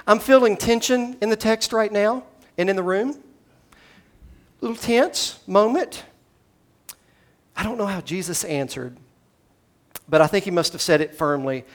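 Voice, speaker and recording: At a normal speed punctuated by long pauses, a man from Tennessee gives a sermon in a church sanctuary. The pastor talks conversationally and performs the scripture dialogue, changing pitch and loudness as he goes.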